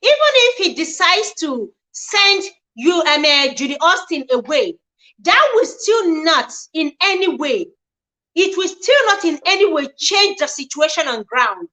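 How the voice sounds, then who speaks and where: A woman's voice: extremely high pitch, very animated, unhurried, bright, forceful tone, rough recording. A woman hosting a chatty livestream, reading posts aloud, commenting on them and greeting viewers by name. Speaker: livestream host.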